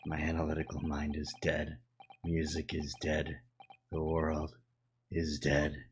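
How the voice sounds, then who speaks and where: A man's voice: very deep voice, flat delivery, a little slow, a bit bright, slight background noise, pitched below the performer's own voice. A man voicing a gloomy, theatrical male detective in a video game, speaking in lofty, melodramatic, old-fashioned phrasing. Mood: despairing.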